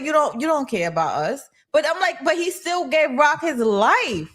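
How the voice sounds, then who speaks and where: Female co-host, live recap stream; blunt, animated, casual swearing. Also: high voice, moderate pace, hardly any pauses. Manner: candid, animated, swears freely.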